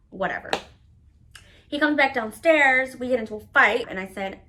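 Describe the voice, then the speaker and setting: Speaking at normal speed, this woman has a fairly high, bright voice with a forceful tone. As a vlogger, she shares a personal story openly and casually, peppering it with swear words and countless "likes."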